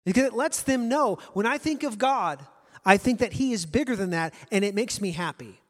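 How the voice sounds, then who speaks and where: A man's voice: high voice, lively intonation, moderate pace, a bit bright, long reverb tail. A male pastor preaching a sermon to his congregation, earnest and repeating key phrases for emphasis.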